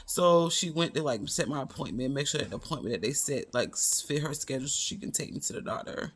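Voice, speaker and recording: A young woman vlogger telling a personal story in a casual, animated way, acting out the people she quotes. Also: rumbling low, fast talker, slightly rough. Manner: animated, quotes people in raised voices, drawls "baby".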